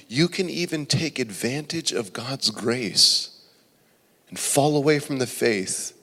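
A male pastor preaching a passionate sermon, swinging between loud emphasis and hushed, near-whispered phrases. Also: medium pitch. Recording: long reverb of a large hall.

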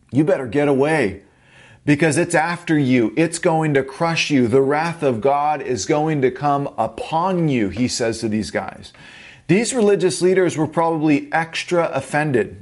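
A man delivers a sermon to his church in an animated, punchy way, firing off rhetorical questions. His voice sits at an ordinary middle pitch, neither deep nor high. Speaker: pastor.

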